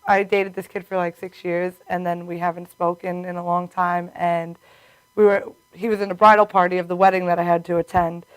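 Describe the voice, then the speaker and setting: A woman's voice: fairly low pitch, flat delivery, fairly quick, clean tone, no room sound, rough recording. A woman in her late twenties hosting a comedy show, telling stories in a chatty, giggly way. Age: late 20s. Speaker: host. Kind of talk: casual chat.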